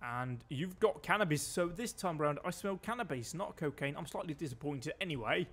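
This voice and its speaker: A man's voice: a little high, animated, normal speed, a bit bright. A British man giving chatty live gameplay commentary as a streamer, full of dry, wry asides. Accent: British English.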